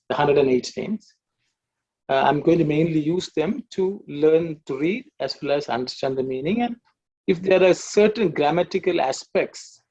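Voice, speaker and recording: A man's voice: fairly high pitch, a little mellow, highs cut off. A man teaching an online Sanskrit class, explaining patiently with many fillers and restarts.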